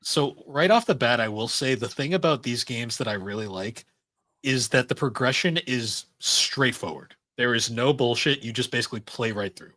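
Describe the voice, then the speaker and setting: Bright, excitable male podcast co-host. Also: medium pitch, normal speed, no echo. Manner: enthusiastic, laughs often, swears freely. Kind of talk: casual chat about retro games.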